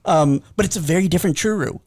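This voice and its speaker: A man's voice: a little high, fast, no echo, clean studio sound. A man co-hosting a podcast, telling a story in casual chat and acting out his cats' voices. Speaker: podcast co-host.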